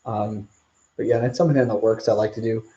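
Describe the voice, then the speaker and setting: A man's voice: on the low side, fairly even intonation, quick pace, warm tone, highs cut off. A man hosting a live stream Q&A outdoors, rambling casually as he reads out viewer comments. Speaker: channel host.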